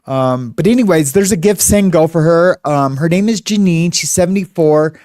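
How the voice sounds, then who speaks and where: A man's voice: fairly high pitch, normal speed, a little mellow, dry recording, clean studio sound. A middle-aged man from California, hosting and telling a story in a casual, rambling way. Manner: rambling, conversational, many fillers. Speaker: host.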